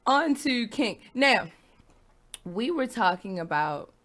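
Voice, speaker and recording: A woman's voice: a little high, big pitch swings, slow, fairly bright tone. A woman hosting a radio talk show, casual and frank, laughing often. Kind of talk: casual chat. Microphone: studio microphone.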